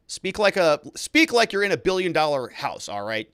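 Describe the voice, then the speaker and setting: A man's voice: a little high, very animated, moderate pace, fairly bright tone, no room sound, clean studio sound. A man who hosts a legal commentary show, talking casually and sarcastically while reading documents aloud. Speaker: lawyer and legal commentary host.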